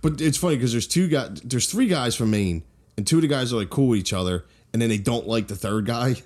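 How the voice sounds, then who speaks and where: Man, rapid speech, rambling, crude, laughing, casual chat. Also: mid-range voice, animated, a little mellow. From Philadelphia. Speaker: podcast co-host.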